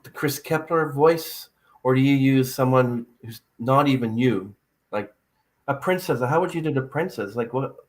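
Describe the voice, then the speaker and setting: A man's voice: medium pitch, normal speed. A man hosting a podcast interview, rambling and hesitant with many fillers. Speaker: podcast host. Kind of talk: casual interview chat.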